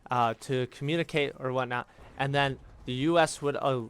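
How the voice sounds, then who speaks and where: A man's voice: mid-range voice, steady tone, moderate pace, clear, resonant tone, no room sound. A man from the United States rambling through casual, profane history commentary over gameplay, with lots of fillers. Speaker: gaming YouTuber.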